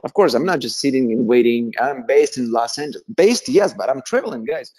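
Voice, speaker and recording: A man's voice: mid-range voice, brisk. Man with a Russian accent telling stories. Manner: animated, laughing anecdotes with many fillers. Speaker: interview guest, actor. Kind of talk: casual storytelling interview.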